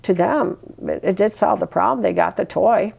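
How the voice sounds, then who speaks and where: A woman's voice: mid-range voice, normal speed, vocal fry, darkish tone, husky. An older woman, a mother of fourteen, chatting in a sit-down interview and telling parenting stories, acting out what she says to her kids. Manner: chatty storytelling, acts out her own words to her kids.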